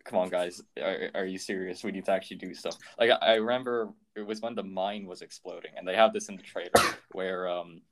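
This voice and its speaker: A man's voice: low voice, fairly even intonation, brisk, few pauses, very noisy. A man hosting a casual podcast chat, talking loosely with frequent ums and laughs. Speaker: podcast host.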